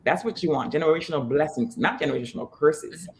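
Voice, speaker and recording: A woman's voice: sits low, darkish tone, slight background noise. A woman fitness trainer speaking as an interview guest, emphatic and motivational, over a video call. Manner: emphatic, motivational, fast restarts.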